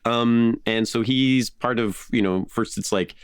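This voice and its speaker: A man hosting a podcast, telling a story in casual chat, animated with frequent laughs and fillers. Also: medium pitch, measured pace, clean tone, no echo, studio quality. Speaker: podcast host.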